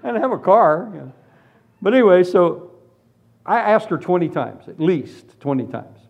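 A man preaching a humorous sermon testimony, telling his story in an animated, self-deprecating way. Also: high-pitched, a little slow, vocal fry. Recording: dull lo-fi recording.

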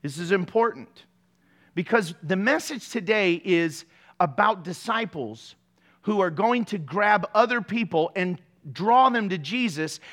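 A man with a high voice preaches a casual sermon to his congregation. He jokes between scripture readings and keeps the tone playful. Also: fairly bright tone. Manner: playful, jokey asides to the congregation. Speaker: pastor.

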